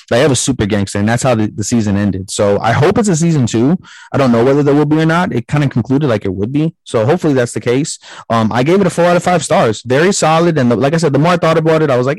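A man's voice: mid-range voice, quick pace, darkish tone, dry recording, rough recording. A man casually recapping and rating a show, rambling with lots of fillers and swearing. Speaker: podcast co-host reviewing a show. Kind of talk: casual chat.

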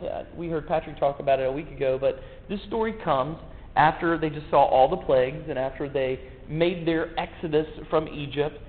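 A man preaching a sermon in a folksy, joking way, full of rhetorical questions. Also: fairly high pitch. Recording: echoey hall, tinny phone-like sound.

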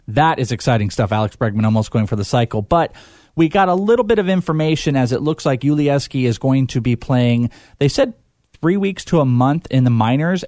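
A man's voice: medium pitch, darkish tone, no echo, clean studio sound. A man hosting a casual sports chat, rambling and hesitant with lots of fillers. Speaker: podcast host.

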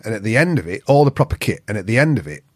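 A middle-aged man with a Yorkshire accent, a podcast guest who tells stories in a blunt, profane, animated way. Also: on the low side, racing, no echo. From England. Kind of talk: casual storytelling chat.

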